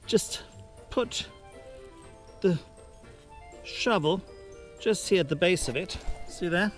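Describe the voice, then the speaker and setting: A man's voice: high-pitched, takes it slowly, soft background music. A man hosting a gardening video outdoors in his garden, chatting casually through a how-to with self-mocking asides.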